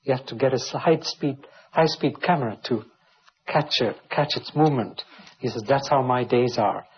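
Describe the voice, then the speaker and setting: A man's voice: mid-range voice, moderate pace, breathy edge. A man preaching a Bible teaching sermon, reading scripture aloud and explaining it verse by verse. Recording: dull lo-fi recording.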